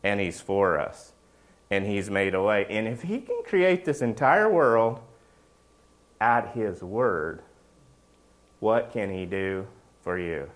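A man's voice: on the low side, big pitch swings, takes it slowly, pauses often. A middle-aged man giving a casual, joking sermon as a pastor, often checking in with the congregation by asking "right?".

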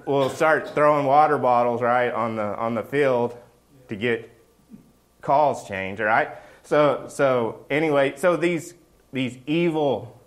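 A middle-aged man preaching a loose, conversational sermon. His pitch sits right in the middle for a man. He jokes and keeps asking the listeners "right?" as he goes. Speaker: pastor. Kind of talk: casual sermon.

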